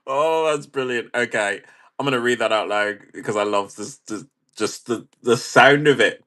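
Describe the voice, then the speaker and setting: A man's voice: medium pitch, moderate pace, bright, forceful tone. A man hosting a livestream in a casual, wry manner, chatting and reacting to viewer comments. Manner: chatty, wry, reads chat aloud and laughs. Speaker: livestream host.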